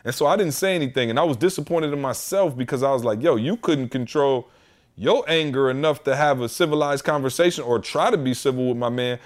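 A man in his thirties tells a story on a casual podcast chat, acting out each person with heated voices. His delivery is animated and lively, and he talks straight to his co-hosts. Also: medium pitch, fairly quick. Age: 30s. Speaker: podcast co-host.

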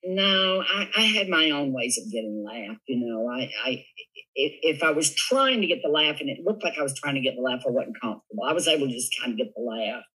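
Man, Southern US accent, animated, giggly storyteller, husky voice. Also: medium pitch, a little fast, poor audio. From Tennessee, USA. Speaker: guest. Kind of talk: casual storytelling interview.

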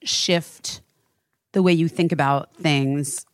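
A woman's voice: deep voice, steady tone, slow, no room sound. A woman co-hosting a podcast, talking earnestly and candidly in casual chat, swearing now and then. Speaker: podcast co-host.

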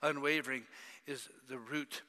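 A man preaching a sermon, dramatic, swinging between loud cries and hushed whispers. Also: medium pitch, fairly even intonation, unhurried. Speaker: pastor. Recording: long reverb of a large hall.

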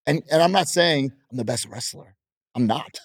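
A man's voice: a little high, lively intonation, moderate pace, dry recording, clean studio sound. A man in his thirties, a professional wrestler, chatting in an interview in a brash, boastful way and laughing often. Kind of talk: casual interview chat.

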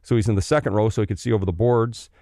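A middle-aged man from Canada, a former pro hockey player, telling stories in a casual, animated way, swearing freely and acting out the people he quotes. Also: fairly low pitch, very fast, no echo, clean studio sound. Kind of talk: casual storytelling.

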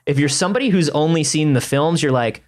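A man's voice: fairly high pitch, fast. A man guest chatting casually and animatedly, swearing freely. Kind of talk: casual chat.

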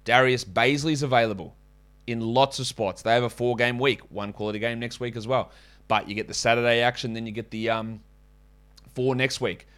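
A man talks casually through his podcast. He jumps into quick asides and corrects himself on the fly. His pitch sits mid-range for a man. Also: steady tone, a bit bright. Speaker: fantasy basketball podcast host. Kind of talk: casual podcast talk with ad reads.

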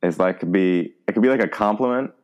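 Deep-voiced young New man chatting. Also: fast talker, dull audio. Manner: relaxed, laughing, trailing fillers. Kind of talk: casual chat.

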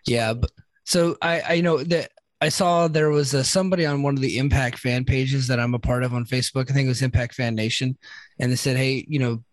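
A man talking loosely through a wrestling recap, full of fillers and easy laughs. His voice sits at an ordinary middle pitch. The sound is close and dry, with no room around it. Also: steady tone, a little fast, no echo. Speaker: podcast co-host recapping wrestling. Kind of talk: casual chat.

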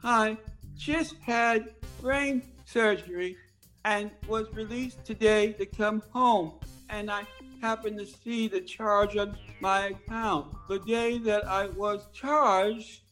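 A woman's voice: mid-range voice, steady tone, fairly bright tone, faint music behind. A woman putting on a frail, stammering post-surgery patient. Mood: frail, pleading. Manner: halting, stammering, breathless. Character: her frail, dazed self after surgery, fragile.

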